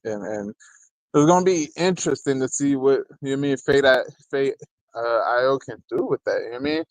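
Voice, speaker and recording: A man hosts battle rap, rambling loosely and constantly asking "you know what I mean" while joking with chat and laughing between remarks in casual commentary. His mid-range voice moves a little fast. The rough recording is dry, with no echo.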